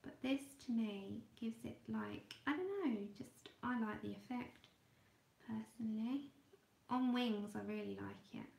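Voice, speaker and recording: A woman hosting an art livestream, chatting casually and thinking aloud as she draws, sometimes trailing off into quiet murmurs. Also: medium pitch, fairly even intonation, moderate pace, vocal fry, hardly any pauses, reverberant. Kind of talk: casual livestream chat while drawing.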